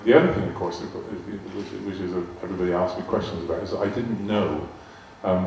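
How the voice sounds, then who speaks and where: A man's voice: low-pitched, darkish tone. A man in his later years with a West Country accent, telling amused anecdotes as a guest speaker to a live audience. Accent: West Country English. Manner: chatty, amused storyteller. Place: large arts hall. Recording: echoey hall, distant mic, faint hiss.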